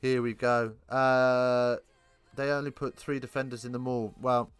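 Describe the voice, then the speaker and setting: A man calling a live rugby game, chatty and self-correcting, lifting into excited bursts on big plays. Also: mid-range voice, measured pace, smooth, no room sound, faint music behind. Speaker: rugby commentator. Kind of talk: live alternative play-by-play commentary.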